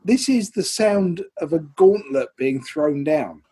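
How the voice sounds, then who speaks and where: An English man co-hosting a podcast, reading listener messages out in a slow, deliberate way during casual chat. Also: fairly high pitch, expressive. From England.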